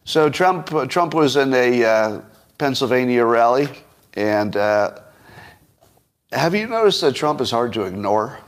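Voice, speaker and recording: A man's voice: medium pitch, expressive, a little slow. Male solo commentary host, wry and conversational, thinks aloud as he goes. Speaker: podcast host.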